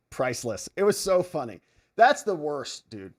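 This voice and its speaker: Animated man hosting a livestream. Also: fairly high pitch, moderate pace. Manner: animated, reads viewer comments aloud, jokey storytelling. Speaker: livestream host. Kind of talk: casual livestream chat reading donations.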